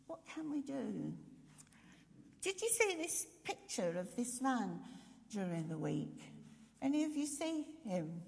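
Slow, gravelly woman preaching in a hall. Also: fairly high pitch, darkish tone. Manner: reflective, asks the audience questions. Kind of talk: sermon to a congregation. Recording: long reverb of a large hall.

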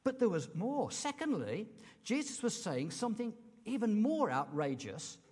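Chatty British preacher in an echoing hall. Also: male voice, sits high, very animated, moderate pace, a little mellow, slightly rough. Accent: British English. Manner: chatty, asks the congregation questions. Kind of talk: sermon. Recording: long hall reverb.

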